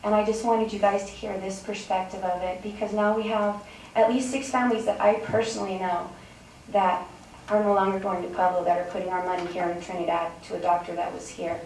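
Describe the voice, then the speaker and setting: A woman's voice: mid-range voice, flat delivery, a little fast, a little mellow, slight background noise. A young woman speaking emotionally and earnestly during public comment at a city council meeting. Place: council chamber. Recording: roomy distant council-chamber recording.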